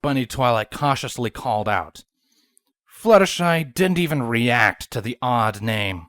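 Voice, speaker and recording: A woman narrating a fanfiction story with an expressive reading. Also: extremely low pitch, unhurried, no echo, clean studio sound. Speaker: fanfiction reader.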